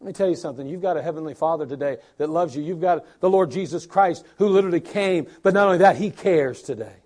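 Older guy pastor preaching, high voice, repeats himself, gets worked up in waves. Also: fast talker, a little mellow. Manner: preaching with rising bursts of emphasis and repetition. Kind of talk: sermon.

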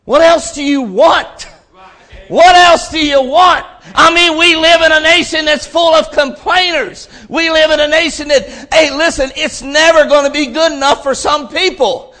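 A man preaching a fervent revival sermon at a church service, repeating phrases and rising into shouts. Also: very high-pitched, fairly even intonation, measured pace. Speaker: pastor.

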